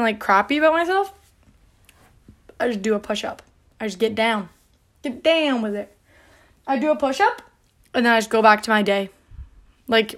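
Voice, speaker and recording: A woman's voice: on the high side, a bit bright. Breathless, rambling young woman. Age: young adult. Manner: rambling, filler-heavy, with frequent "like" and laughs. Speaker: podcast host. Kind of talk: casual chat.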